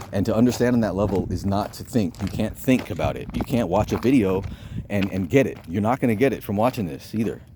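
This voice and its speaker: Low mellow-voiced guy rambling and cursing to camera, faint cars going by in the back. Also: a little hiss or hum. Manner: rambling, profane, repeats words and restarts often. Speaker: vlogger giving dating advice. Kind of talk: casual vlog monologue.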